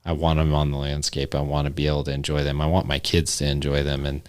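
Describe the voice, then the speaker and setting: A man's voice: a bass voice, monotone, fast, clear, resonant tone, dry recording. A man hosting a radio talk show, asking questions in a friendly, enthusiastic way. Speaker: host. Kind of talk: casual radio chat.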